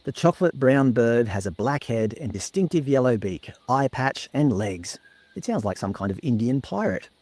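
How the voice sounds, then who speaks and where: A man's voice: mid-range voice, sing-song, moderate pace, darkish tone, dry recording. A man narrating a scripted commentary video in a sardonic, mocking manner.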